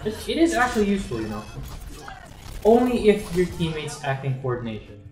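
A man playing a video game with a friend, calm and reassuring, with dry teasing. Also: high-pitched, brisk, soft background music. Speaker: gamer co-host. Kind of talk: casual let's-play chat. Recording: roomy echo, off-mic, faint noise.

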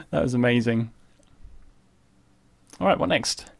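A man streaming a horror game live, panicking, swearing and shouting at the game. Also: mid-range voice, gravelly, a little hiss or hum.

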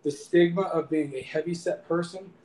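A man's voice: on the high side, steady tone, normal speed, darkish tone, a little hiss or hum, poor audio. A man on a panel who speaks candidly, with frequent fillers and hesitations. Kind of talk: casual panel discussion.

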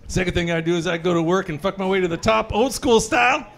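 A young man with a high voice performs crude stand-up at a brewery gig. He tells his stories with lively energy and acts out panicked voices in them. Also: fast talker. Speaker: stand-up comedian. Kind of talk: stand-up comedy set. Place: brewery comedy show.

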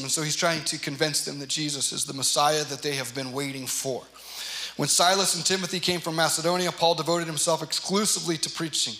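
Male pastor, high bright voice, earnest emphatic sermon, echoey church hall. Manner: earnest, emphatic, acts out quoted lines. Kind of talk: sermon teaching through scripture.

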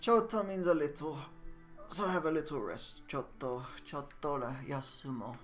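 A man teaching Japanese words slowly and repeating each one for learners over a game video. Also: on the high side, expressive, faint music behind. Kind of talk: casual game-based lesson.

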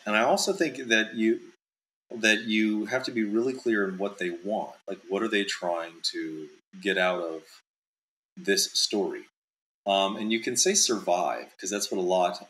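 A man's voice: on the low side, moderate pace, bright, forceful tone, slight background noise, low-quality recording. A male author being interviewed in casual chat, talking in loose, rambling sentences full of "like" and "um". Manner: rambling, heavy with fillers like "like" and "um".

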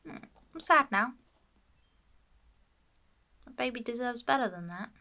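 A woman's voice: on the high side, animated, a little slow, vocal fry, pushed and bright. A woman giving playful, chatty commentary while playing a life-sim game. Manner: playful, chatty, fond of cute characters. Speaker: gameplay streamer. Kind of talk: casual gameplay commentary.

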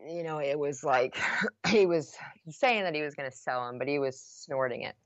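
A woman's voice: extremely low pitch, animated, normal speed, no echo, lo-fi sound. A woman guest on a podcast, earnestly retelling a painful personal story with many restarts.

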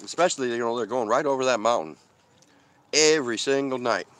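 Speaking briskly with a medium pitch and a fairly bright tone, this man is a van-life vlogger streaming live from an outdoor desert campsite. He eats as he talks, rambling through casual chatter and reading comments from viewers aloud.

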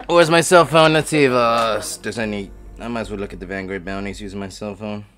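A man's voice: lowish voice, quick pace, a bit bright, faint music behind. A man streaming a video game from home, chatting casually with a friend, joking and swearing, and scolding his dog between rounds. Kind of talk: casual gaming chat.

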